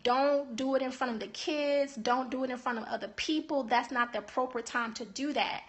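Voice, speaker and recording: A woman's voice: sits high, moderate pace. A woman giving marriage advice in an emphatic, preachy way, talking casually to viewers from a live stream. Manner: emphatic, preachy, animated delivery with rhetorical asides. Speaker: marriage coach. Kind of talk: casual teaching talk to viewers.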